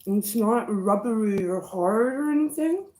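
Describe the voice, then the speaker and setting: Eating live for her stream, a woman mukbang vlogger welcomes chat viewers by name between mouthfuls and murmurs over her food. Her mid-range voice is warm with lively intonation, and she chews slowly, savoring each bite.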